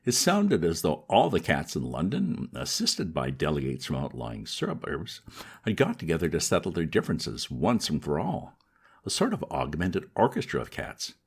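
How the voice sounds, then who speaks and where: A man reading a comic novel aloud as narrator, in a lively storytelling manner. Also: a bass voice, normal speed, creaky, breathy edge. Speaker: audiobook reader. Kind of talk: scripted narration.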